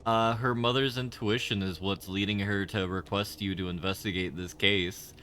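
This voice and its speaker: A man's voice: lowish voice, fairly even intonation, moderate pace, bright, forceful tone, slight background noise. A young man casually commenting while live-streaming a game, rambling and giggling at his own jokes. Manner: giggly, rambling, self-deprecating.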